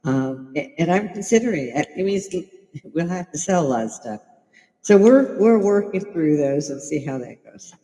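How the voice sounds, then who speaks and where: A woman's voice: deep voice, lively intonation, moderate pace, dark tone, in a large hall, poor audio. An older woman from Chicago hosting a casual livestream, talking bluntly with plenty of swearing and frequent laughter. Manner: blunt and profane, laughing often. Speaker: livestream host. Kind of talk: casual opinionated livestream chat.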